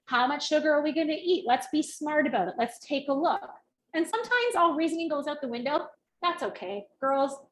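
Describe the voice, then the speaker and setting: A woman in her thirties giving a chatty, animated fitness coaching talk and acting out little quoted voices. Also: high-pitched, brisk. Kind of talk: casual coaching talk to camera. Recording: echoey room.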